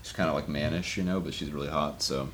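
Young man, very deep voice, dry teasing podcast co-host, faint noise behind. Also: steady tone, quick pace, a bit bright. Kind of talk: casual comedic banter.

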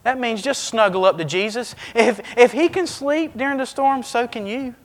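A man preaching a sermon in an animated way, acting out scenes as he talks. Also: very high voice, moderate pace, in a large hall. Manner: animated, acts out scenes with shifting voice.

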